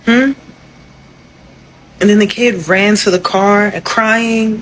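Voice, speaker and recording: An outraged speaker firing off rhetorical questions in a commentary video. Mid-pitched, with a faint hiss behind the voice. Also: steady tone, moderate pace, rough recording.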